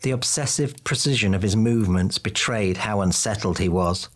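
A man narrating a fantasy audiobook in a steady, even way. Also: fairly low pitch, moderate pace.

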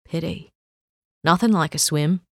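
A woman's voice: low voice, unhurried, a bit bright, no room sound, studio quality, full character voice. A woman reading an audiobook and voicing a brash, crude older man who talks bluntly, sounds cocky, and swears.

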